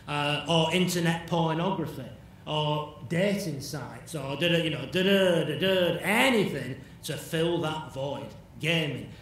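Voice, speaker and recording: A man gives a chatty conference lecture and acts out bits of dialogue. His voice sits slightly high. He is picked up from a distance in an echoey hall, with faint noise underneath. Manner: conversational, checks in with "yeah?", acts out imagined dialogue.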